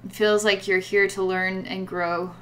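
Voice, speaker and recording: A woman leads a guided psychic reading, talking to a client about energies and visions. She rambles, with many fillers and repeated words. Her voice sits at a middle pitch. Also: little pitch movement, unhurried, fairly bright tone, slight background noise. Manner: rambling, full of "like" and repetitions. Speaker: psychic reader.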